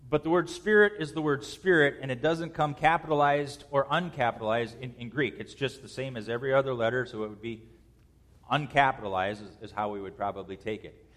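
A man preaching an expository sermon, swinging between soft, slow stretches and loud, rising bursts. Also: medium pitch. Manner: preaches with dynamic swings in loudness and pace. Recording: long hall reverb.

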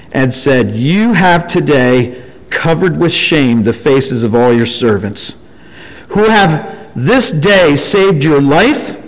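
A man preaching a sermon and reading scripture aloud, animated and acting out the voices of people in the story. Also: fairly high pitch. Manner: animated, acts out quoted voices. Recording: long hall reverb.

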